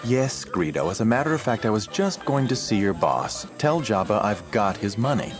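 Guy doing a cocky smuggler, lowish voice, music going behind. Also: sing-song, normal speed. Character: cocky male space smuggler.

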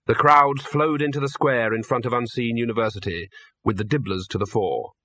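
Bright-voiced male audiobook narrator. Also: mid-range voice, brisk, slight background noise.

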